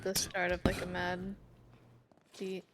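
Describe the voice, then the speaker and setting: A woman's voice: on the low side, completely flat delivery, slow. A woman hosting a stream, chatting in a laid-back, giggly way. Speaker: streamer host. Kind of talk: casual stream chat. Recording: noisy stream audio.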